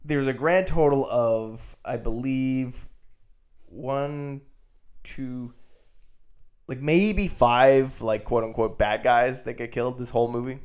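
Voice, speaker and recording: A man's voice: medium pitch, slow pace, darkish tone, smooth. A man co-hosting a podcast, chatting casually and earnestly about a movie with lots of "like" fillers. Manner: earnest, enthusiastic, many "like" fillers. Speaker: podcast co-host. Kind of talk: casual chat.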